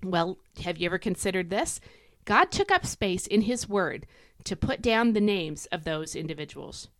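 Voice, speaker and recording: A woman hosting a devotional podcast, chatty and emphatic, swinging her pitch up and down to stress words. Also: sing-song, normal speed, a bit bright, no room sound, clean studio sound. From United States. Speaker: podcast host.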